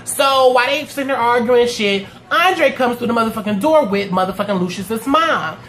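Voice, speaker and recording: A woman's voice: a little high, brisk. A woman recapping a TV episode in casual, profane talk, acting out the characters' lines. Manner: animated, acts out characters' lines in quotes. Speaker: TV recap reviewer.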